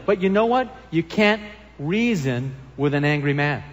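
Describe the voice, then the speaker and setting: A man's voice: high-pitched, lively intonation, moderate pace. A man preaching a sermon as pastor, earnest and emphatic as he reads and explains scripture. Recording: long hall reverb.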